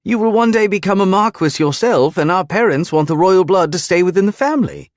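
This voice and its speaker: A taunting young aristocrat bully, voiced by a male narrator with a higher, jeering edge. He needles and gloats at every turn. The recording is dry and close. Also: lively intonation, a little fast, no room sound. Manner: sneering, taunting.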